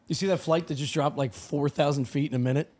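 A man's voice: a little high, fairly even intonation, a little mellow, a little hiss or hum. A man co-hosting a comedy podcast, riffing in loose, profane banter. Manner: profane riffing, quick jokes. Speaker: podcast co-host. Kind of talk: casual comedic chat.

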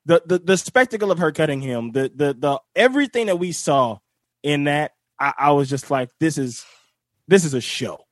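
Man, comedian guest, lively swoops in pitch, stammering restarts, dry close sound. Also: moderate pace, no room sound. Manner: stammering restarts, playful slang. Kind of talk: casual recap chat.

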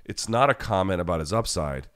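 A man's voice: low voice, animated, fairly quick, a bit bright, smooth. A man hosting a podcast live chat, answering viewers in a blunt, rambling, casual way with many restarts.

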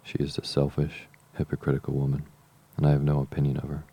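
A fretful, excitable middle-aged mother who complains about everything, as read by a man. The voice stays extremely deep and gravelly with a flat line, and she is barely acted apart from the narration. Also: fast talker, heavily acted. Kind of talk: audiobook reading.

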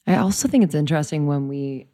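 A woman's voice: deep voice, fast talker, dark tone, dry recording, clean studio sound. A woman co-hosting a podcast who asks long, rambling questions in a friendly tone. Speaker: podcast co-host. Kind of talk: casual podcast interviewing.

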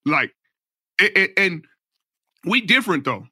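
A man's voice: sits high, big pitch swings, unhurried, sharp tone, slightly rough, no room sound, clean studio sound. A man in his thirties, a guest on a podcast, talking in a laid-back, slangy way and often starting over mid-sentence. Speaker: podcast guest, football analyst. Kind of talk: casual chat.

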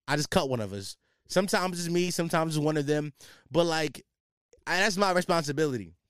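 A man's voice: on the high side, animated, brisk, fairly bright tone, smooth, no room sound, clean studio sound. A young man hosting a casual solo podcast, telling a rambling, profane story about his job, full of slang. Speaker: podcast host.

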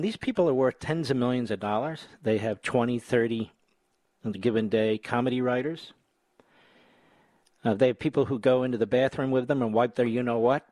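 A man hosting a talk radio show, sarcastic and combative, breaking into loud mocking insults. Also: medium pitch, dry recording.

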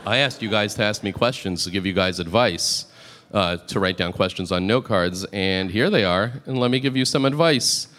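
A man performing a stand-up comedy set in a club, telling stories in a deadpan, dry manner and acting out other people's lines. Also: fairly low pitch, normal speed. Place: comedy club stage before a live audience. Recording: live club recording with audience noise.

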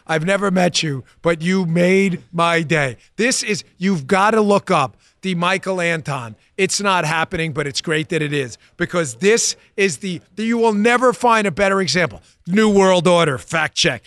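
Male talk host, high pitch, laughing and mocking, excitable delivery, dry studio sound. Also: normal speed, dry recording. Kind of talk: political talk show monologue.

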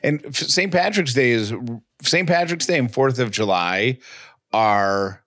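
A man's voice: medium pitch, measured pace, fairly bright tone, no room sound, studio quality. A man co-hosting a casual chat podcast, playful and rambling, often restarting his sentences. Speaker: podcast co-host.

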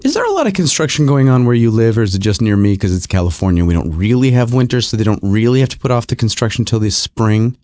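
A man's voice: medium pitch, sing-song, fast, hardly any pauses, darkish tone, dry recording, clean studio sound. A middle-aged man hosting his own podcast from his garage, rambling through a wry, self-deprecating casual monologue. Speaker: podcast host. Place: home garage.

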